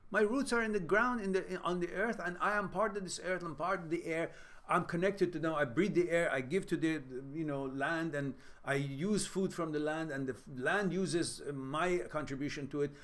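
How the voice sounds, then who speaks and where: A serene talking tree, steady and sure of itself, rooted in the earth, as a man puts it on. The voice sits noticeably higher than his own and comes out louder, with an earnest, declaring lilt. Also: moderate pace, natural voice. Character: calm, rooted, solid tree.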